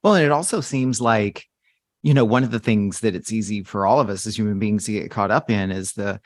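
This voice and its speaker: A man with a low voice hosts the conversation and asks reflective, probing coaching questions. His voice sounds dry and close, with no room behind it. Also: a little fast, dry recording. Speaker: podcast host and coach.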